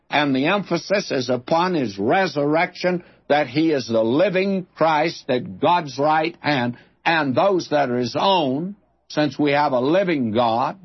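A man teaching a verse-by-verse Bible sermon, deliberate and emphatic, repeating his key phrases. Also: on the high side, breathy edge, dull audio.

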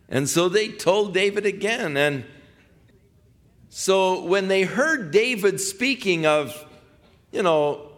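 A man preaching a sermon, retelling a Bible story in a folksy, animated way and mixing scripture with casual paraphrase. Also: fairly high pitch, takes it slowly.

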